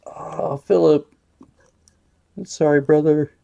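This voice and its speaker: A man running a live-stream giveaway in casual chat, murmuring asides and breaking into bursts of excitement at results. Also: on the high side, slow, vocal fry, muffled recording.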